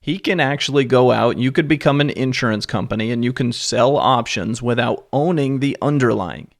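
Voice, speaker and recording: Steady man explaining options on a podcast. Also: medium pitch, moderate pace, vocal fry.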